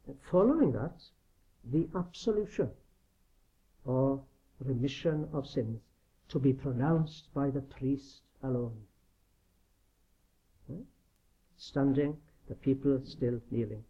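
A man's voice: medium pitch, animated, slow, pauses often, warm tone. A man preaching a sermon in an earnest, emphatic way, often asking rhetorical questions. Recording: dull lo-fi recording.

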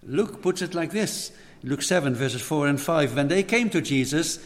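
A man's voice: fairly high pitch, expressive, normal speed. A man preaching a sermon in an earnest tone, repeating words as he presses his points. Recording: hall reverb.

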